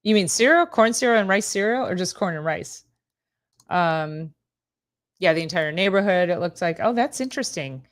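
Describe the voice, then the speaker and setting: A rambling, chatty woman in middle age with a voice a shade lower than most, hosting a relaxed live stream. She laughs easily and chats straight to her viewers as she goes. Her talk is casual and loose, with lots of small asides. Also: normal speed. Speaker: host, chiropractor.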